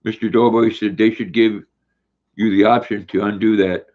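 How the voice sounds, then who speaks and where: A man's voice: on the low side, little pitch movement, moderate pace. An older man hosting a casual livestream, reading viewers' comments aloud in a folksy way while eating. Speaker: livestream host. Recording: dull lo-fi stream audio.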